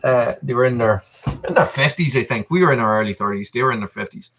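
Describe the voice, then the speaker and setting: A man in his thirties hosting a live stream, talking in loose, rambling chat and answering viewers as he goes. His voice is bright and forceful. The sound is dull and lo-fi. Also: mid-range voice, fast, a little hiss or hum. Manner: rambling and chatty, reading out viewer messages. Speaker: channel host.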